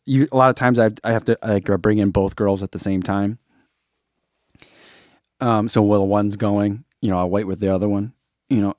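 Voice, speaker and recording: A man's voice: lowish voice, darkish tone, no room sound, clean studio sound. A middle-aged man, host of a running channel, chatting casually on a live stream, reading out viewer comments and chuckling often. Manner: laid-back, chuckles often, reads comments aloud.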